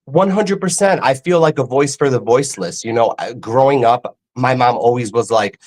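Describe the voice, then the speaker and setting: Earnest guy guesting on a video call, talks fast w/ lots of fillers. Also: medium pitch, a little mellow. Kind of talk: casual interview chat.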